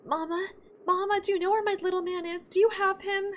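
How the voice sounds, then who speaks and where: A woman voicing a lost little ghost boy in a small, high, breathless voice. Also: steady tone, brisk, a little hiss or hum. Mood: pleading.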